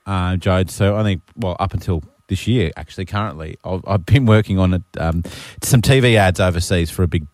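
A man's voice: deep voice, brisk, few pauses, darkish tone, no echo, clean studio sound. A man in his thirties with an Australian accent, co-hosting a radio show in jokey banter with stumbling restarts. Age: 30s. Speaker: radio co-host. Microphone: studio microphone.

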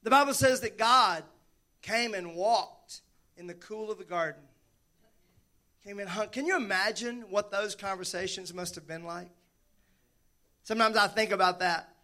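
A man preaching with a high, bright voice. He is animated and jokes with his listeners as he works through his sermon. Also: normal speed, long pauses. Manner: animated, joking with the congregation. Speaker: pastor.

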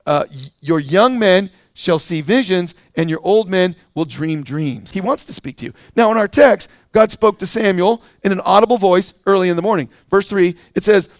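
A man's voice: high-pitched, moderate pace, dry recording, studio quality. A male pastor preaching a sermon in a conversational way, with fillers, restarts and scripture read aloud.

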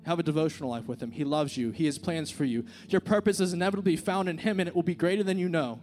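A man's voice: a little high, fast talker, darkish tone, a little hiss or hum. A young man giving an informal sermon at a church service, telling a personal story in a casual, earnest way full of fillers like "like" and "dude". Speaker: youth speaker. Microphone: handheld microphone.

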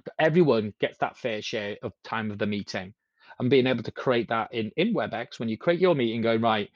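A man's voice: medium pitch, fairly quick, no room sound. A man on a podcast talking in a rambling way with many restarts, acting out quoted speech. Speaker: podcast speaker. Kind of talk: casual podcast chat. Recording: slightly muffled lo-fi sound.

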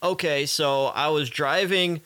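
A man's voice: a little high, steady tone, measured pace, pushed and bright, no echo. A man who works as a radio DJ, hosting a casual interview, asking questions and laughing along. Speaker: radio DJ host.

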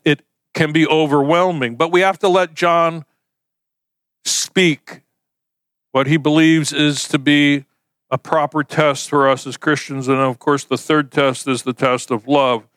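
A man's voice: mid-range voice, fairly bright tone, clear, resonant tone, no room sound. A man preaching a sermon in a conversational, folksy way, using homespun illustrations. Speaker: pastor.

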